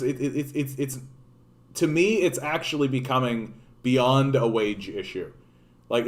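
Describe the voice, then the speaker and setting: A man hosting a casual political livestream, talking off the cuff, rambling with frequent restarts and swearing. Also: medium pitch. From Canada. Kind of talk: casual unscripted commentary.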